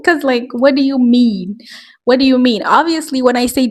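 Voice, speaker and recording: A woman hosting a casual commentary vlog, chatty and quick to laugh, with lots of filler words. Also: high-pitched. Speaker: video host.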